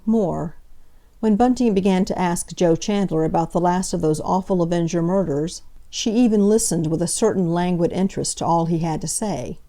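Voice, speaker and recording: A woman narrates a classic novel in a measured, even reading. Her voice sits low, with a mellow, dark tone. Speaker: audiobook narrator. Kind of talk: scripted narration.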